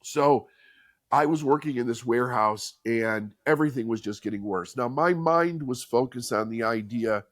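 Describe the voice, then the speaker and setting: A man's voice: mid-range voice, dry recording, studio quality. Earnest middle-aged man telling his story. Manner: earnest, candid, conversational. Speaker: podcast guest, author and speaker. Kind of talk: personal storytelling in an interview.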